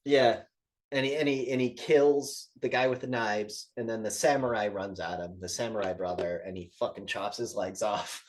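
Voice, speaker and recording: A man co-hosting a casual movie review podcast, retelling scenes in an animated, profane way and laughing often. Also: lowish voice, moderate pace. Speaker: podcast co-host.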